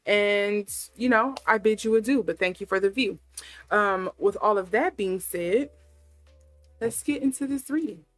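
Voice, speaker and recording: A woman's voice: mid-range voice, measured pace, a bit bright, no room sound, faint music behind. Chatty woman tarot reader, dry sound. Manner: chatty, laughing asides, sarcastic. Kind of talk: casual chat to camera.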